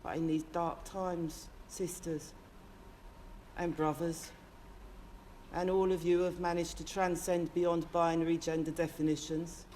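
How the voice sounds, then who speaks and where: This character monologist has a mellow voice on the low side, talks a little slowly and keeps her pitch fairly flat. She portrays a brash, swearing working-class London man, complete with London accent, in an impassioned, rambling comic rant to camera. Her delivery sounds natural, with a little hiss or hum in the recording.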